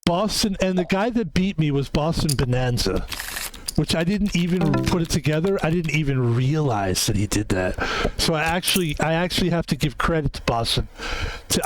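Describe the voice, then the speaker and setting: A man's voice: on the high side, animated, normal speed, faint music behind. A man casually commentating his own online poker game, rambling and correcting himself, with the odd swear word when he loses a hand. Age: adult. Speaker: gaming video host.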